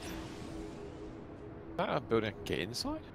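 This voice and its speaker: Lively British man chatting over a game. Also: mid-range voice, vocal fry, music in the background. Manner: chatty, animated, quick exclamations. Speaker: gamer streaming with friends. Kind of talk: casual game-stream chat.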